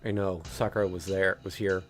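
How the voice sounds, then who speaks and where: A man's voice: low voice, level tone, brisk, faint music behind. A male streamer reading a visual novel aloud in first person, with casual joking asides.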